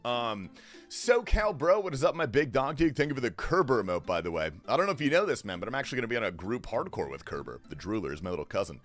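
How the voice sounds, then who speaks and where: A man hosting a casual livestream at home, greeting viewers with joking banter that swings from low murmurs to sudden yells. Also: big pitch swings, fast, faint music behind. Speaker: livestream host. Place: home, keeping quiet while others sleep.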